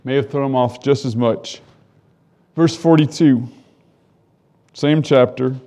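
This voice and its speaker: A man's voice: mid-range voice, slow pace, mellow. A man teaching from the Bible, reading scripture aloud and breaking off to comment, his voice climbing when he quotes the characters. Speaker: preacher.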